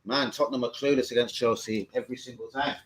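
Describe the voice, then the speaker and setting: A man's voice: medium pitch, fairly even intonation, fast talker. A man, chatting loosely and swearing as he hosts a football fan live stream. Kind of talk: casual live stream chat.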